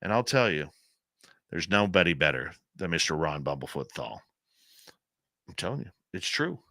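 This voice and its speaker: A man's voice: deep voice, sing-song, normal speed, gravelly, bright, forceful tone, no room sound. A Canadian man hosting a late-night radio talk show, chatty and enthusiastic, rambling as he tells stories and answers audience questions.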